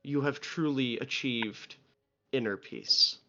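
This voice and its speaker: A deep, slow old elder spirit, put on by a man, calm and fatherly, speaking in solemn pronouncements. The voice sits lower than usual, on a muffled, lo-fi stream recording. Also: slight background noise. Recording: lo-fi stream audio.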